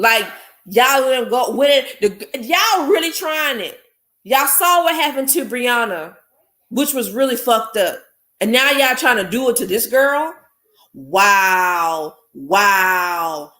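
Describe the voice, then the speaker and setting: A woman's voice: on the high side, expressive, slow pace, pushed and bright. A woman hosting a live stream, ranting angrily and bluntly with profanity while greeting chat viewers. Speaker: podcast host. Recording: echoey room.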